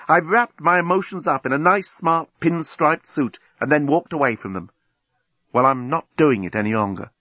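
A man's voice: on the high side, moderate pace, bright, forceful tone, no echo, highs cut off, voice pushed up. A man doing a thoughtful, resolute young woman.

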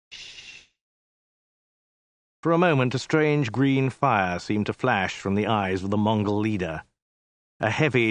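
Deep-voiced male audiobook narrator. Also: no room sound.

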